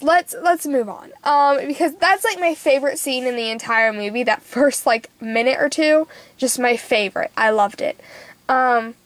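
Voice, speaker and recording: A woman's voice: high voice, no room sound. A young woman vlogging a casual movie review, gushing and emotional, rambling with lots of fillers.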